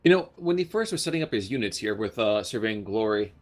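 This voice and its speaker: Quick-talking jokey male game caster. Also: on the low side, expressive. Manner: jokey, playful banter. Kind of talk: game replay commentary.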